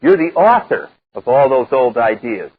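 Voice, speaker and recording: An older man speaking to a live recovery group, blunt and wry, acting out the voices he quotes in a lively way. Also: medium pitch, moderate pace, slightly rough. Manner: animated storyteller who acts out quoted voices, wry and blunt. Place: meeting room with a live group. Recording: dull lo-fi 1990s cassette recording.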